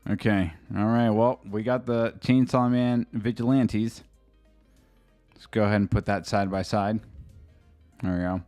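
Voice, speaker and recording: A man's voice: lowish voice, fairly even intonation, measured pace, long pauses, a little mellow, faint music behind. A man streaming a casual live reaction, rambling and chatty, swearing freely and talking straight to his chat.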